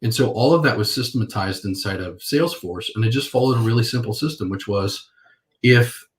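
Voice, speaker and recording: A middle-aged man with a low voice talks as an interview guest. He tells his stories with energy, jumping into other people's voices to act out old phone calls. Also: a little fast. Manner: animated storyteller acting out phone calls.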